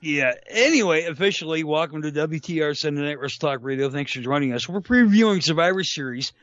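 A man's voice: a little high, quick pace, a bit bright. A man hosting a wrestling talk show, rambling and joking with lots of fillers. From Canada. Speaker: host. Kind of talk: casual podcast banter. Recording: dull, muffled sound.

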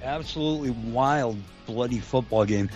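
A man's voice: medium pitch, moderate pace, a little mellow, faint music behind. A man hosting a wrestling talk show, rambling and joking with lots of fillers. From Canada. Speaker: host. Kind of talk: casual podcast banter. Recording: dull, muffled sound.

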